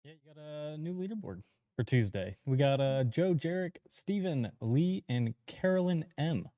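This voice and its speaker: A man co-hosting a casual show, reading out contest results in a brisk, matter-of-fact way. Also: a little high, lively intonation, warm tone, no room sound, muffled recording.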